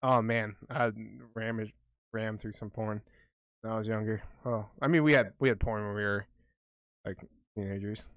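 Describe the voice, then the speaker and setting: A man's voice: steady tone, moderate pace, a bit bright, no echo, dull audio. Rambling, swearing man on a podcast. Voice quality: high voice for a big man, says smoking affected it. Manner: rambling, profane, jokey. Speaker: podcast co-host. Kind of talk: casual chat.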